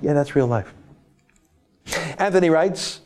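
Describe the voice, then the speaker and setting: Guy hosting a political show, keeps exclaiming, mellow relaxed sound. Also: fairly high pitch, moderate pace. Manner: emphatic, exclamatory. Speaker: host.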